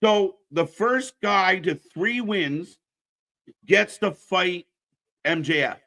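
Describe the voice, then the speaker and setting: A man's voice: lively intonation, takes it slowly, sharp tone. A man hosting a live wrestling stream, ranting bluntly, swearing freely and plugging upcoming shows to viewers. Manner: pitches channel shows to viewers. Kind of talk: casual live-stream commentary.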